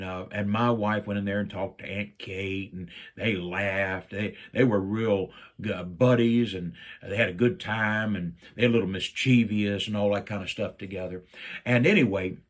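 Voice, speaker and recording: A middle-aged man from Virginia, telling a personal story and acting out his own lines with big jumps up in pitch. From Virginia, USA. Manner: animated, jumps up in pitch when quoting himself.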